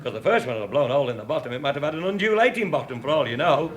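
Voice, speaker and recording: A man's voice: fairly high pitch, animated, rapid-fire, a little hiss or hum. A man telling comic anecdotes in a dry, earthy way, swearing casually and chuckling at his own jokes. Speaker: comic storyteller.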